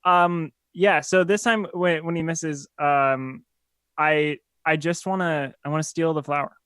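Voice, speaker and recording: A man playing a tabletop game, speaking in a halting, hesitant way. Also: on the high side, steady tone, fairly bright tone, clear, resonant tone, dry recording, clean studio sound. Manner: hesitant, halting, lots of fillers. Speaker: player.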